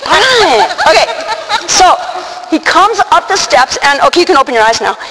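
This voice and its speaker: A woman telling a personal story to an audience, animated, acting out the quotes and laughing often. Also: sits high, normal speed. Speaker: religious speaker. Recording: long hall reverb, faint noise.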